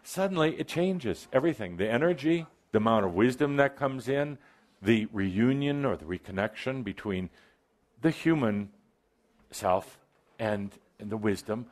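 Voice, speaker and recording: A man's voice: mid-range voice, lively intonation, normal speed. A man giving a channeled spiritual talk to a live audience, in a playful, teasing and theatrical way, stretching out key phrases for emphasis. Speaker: spiritual teacher addressing a live group.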